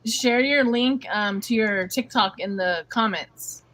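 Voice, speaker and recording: A woman's voice: on the high side, slow pace, fairly bright tone, rough recording. A woman co-hosting a live stream, friendly, reading out and encouraging viewer comments. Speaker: co-host. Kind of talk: casual chat.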